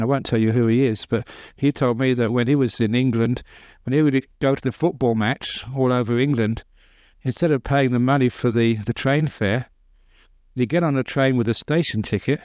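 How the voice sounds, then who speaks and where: A man, a Buddhist monk, giving an informal dharma talk, telling stories with gentle humor and chuckling at his own jokes. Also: medium pitch, no room sound, studio quality. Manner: conversational storytelling, with restarts. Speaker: Buddhist monk teaching meditation.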